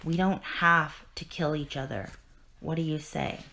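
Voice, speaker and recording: A woman reads a tired masked vigilante man who pleads with his enemy. Her voice sits low and the reading stays earnest and steady. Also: a little slow, gravelly, heavily acted, rough recording. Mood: pleading.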